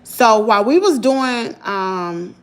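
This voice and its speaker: A middle-aged woman with a Southern US accent, telling a story to her viewers in an animated, chatty way. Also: on the high side, takes it slowly. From Mississippi, US. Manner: animated, talks to viewers as "y'all". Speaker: vlogger. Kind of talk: casual storytelling.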